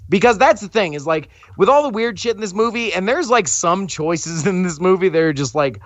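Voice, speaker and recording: A man's voice: high voice, animated, brisk, few pauses, a bit bright, no echo. A man co-hosting a podcast, chatting casually about a film with joking, edgy banter. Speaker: podcast co-host. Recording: dry, dull lo-fi audio.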